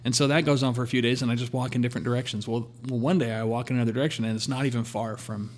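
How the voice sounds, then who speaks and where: A man sharing a personal faith testimony in a relaxed conversational way, acting out his talks with God. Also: mid-range voice, very fast. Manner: storytelling, quotes God in a calm voice.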